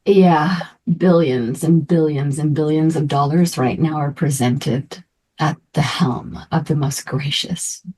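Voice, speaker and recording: Slow, low-voiced woman spiritual coach. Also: fairly even intonation. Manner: slow, effusive, emotional, drifts into soft breathy asides. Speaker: meditation and manifestation coach. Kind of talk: spiritual group talk.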